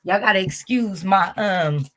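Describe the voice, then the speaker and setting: A woman's voice: mid-range voice, a little slow, slight background noise. A woman YouTube host with a Southern US accent, ranting bluntly and profanely to her viewers. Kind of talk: casual reaction rant to camera.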